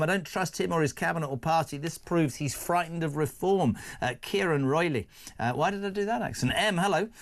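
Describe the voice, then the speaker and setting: A man hosting a live radio phone-in, reading listener texts in a brash, jokey, chatty way with asides to the studio. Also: on the high side. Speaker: radio talk show host. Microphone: studio microphone.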